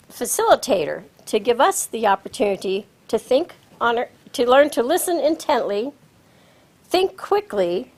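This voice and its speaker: A woman's voice: sits high, poor audio. Upbeat woman presiding over a meeting. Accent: Midwestern American. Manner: measured, instructive, announcing guests with rising emphasis. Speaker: Toastmaster of the meeting. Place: small TV studio with audience. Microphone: lectern microphone.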